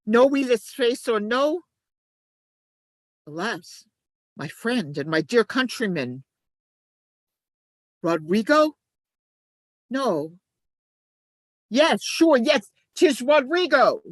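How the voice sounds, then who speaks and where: A woman reading the part of a scheming male ensign in an amateur play reading, moving between urgent shouts and low asides. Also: sing-song, takes it slowly, long pauses, no echo, exaggerated voice.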